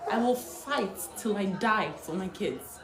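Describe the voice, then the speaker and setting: A woman's voice: mid-range voice, expressive, a little slow. A young woman from Africa speaking straight to her viewers in an emotional vlog, indignant and repeating herself as she builds to defiant outbursts. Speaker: vlogger. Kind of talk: emotional direct-to-camera vlog.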